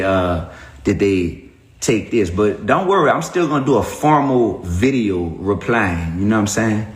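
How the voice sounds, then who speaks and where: A man hosting a casual livestream, speaking in an animated, preachy way and greeting viewers by name as he goes. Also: fairly low pitch, echoey room. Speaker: livestream host.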